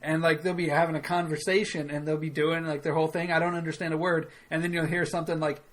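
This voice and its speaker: A woman co-hosting a podcast in casual chat, easygoing and quick to laugh. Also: deep voice, flat delivery, a little hiss or hum. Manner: chatty, laughs often, easygoing asides. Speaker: podcast co-host.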